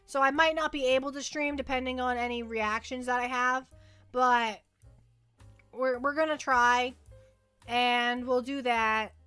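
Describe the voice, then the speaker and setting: A young woman chats on a livestream in a bright, fairly high voice, rambling and stumbling over repeated words as she answers her viewers. Faint music plays behind her. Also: steady tone, unhurried, clean tone. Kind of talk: casual chat with live chat.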